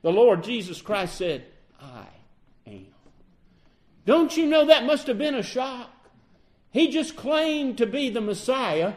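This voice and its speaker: A man preaching a sermon, acting out the quoted dialogue with lively emphasis. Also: sits high.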